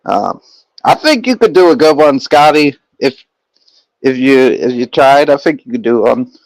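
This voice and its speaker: A man's voice: medium pitch, expressive, moderate pace, no room sound, low-quality recording. Rambling young man chatting with viewers. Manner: rambling, many fillers and restarts. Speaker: streamer. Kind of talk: casual chat with viewers.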